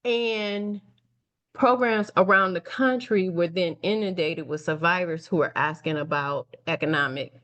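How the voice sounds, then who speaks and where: A middle-aged woman from Detroit, a guest on an interview show, tells her life story in an animated way. Her voice sits a little low, and she jumps into the voices of the people she quotes. She laughs easily as she talks. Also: a little slow. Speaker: guest, nonprofit founder and speaker. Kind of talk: conversational storytelling.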